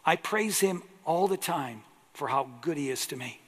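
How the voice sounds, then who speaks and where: A man's voice: fairly high pitch, animated, normal speed, fairly bright tone. A preacher voicing a fervent praising churchwoman. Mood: joyful. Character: joyful devout woman praising God in church. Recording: long echo of a large hall.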